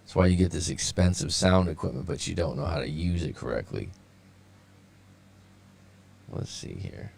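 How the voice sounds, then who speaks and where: Gravelly-voiced man coaching on a live stream. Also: low-pitched, sing-song, moderate pace, pauses often, a little mellow, a little hiss or hum. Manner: rambling, with many fillers and restarts. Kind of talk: casual live-stream advice talk. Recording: sounds robotic at times.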